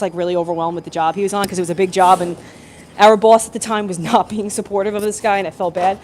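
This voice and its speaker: A young woman telling a work story on a live stream from her phone, chatty and animated, with lots of fillers and laughs. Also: medium pitch, slight background noise. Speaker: plumbing apprentice vlogger. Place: construction site building, indoors. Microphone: phone held in hand.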